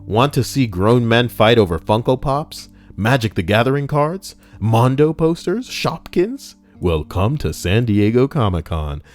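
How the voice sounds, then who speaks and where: A man's voice: mid-range voice, sing-song, a little slow, hardly any pauses, darkish tone. A man hosting a countdown list, reading it in a casual way with sarcastic, jokey asides. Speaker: host. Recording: faint background music.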